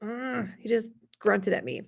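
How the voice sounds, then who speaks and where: A woman in her thirties presents a parenting workshop in a mid-range voice with vocal fry, very animated yet unhurried. She's chatty, giving worded examples and telling family stories between them.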